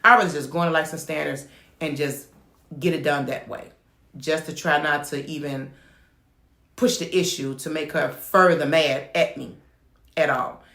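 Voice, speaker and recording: A woman's voice: sits low, steady tone, unhurried, gravelly, fairly bright tone, roomy sound. A woman who runs a home child care business, talking frankly to the camera and telling her stories with emphasis. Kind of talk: candid talk-to-camera advice.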